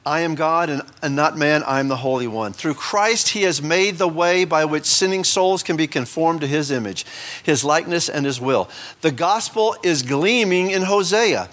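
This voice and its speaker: A man's voice: normal speed, fairly bright tone. A man preaching a sermon in a church. He lifts his voice for scripture and drops into chatty asides. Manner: rises in pitch for emphatic scripture passages, drops into asides. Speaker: pastor. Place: church sanctuary.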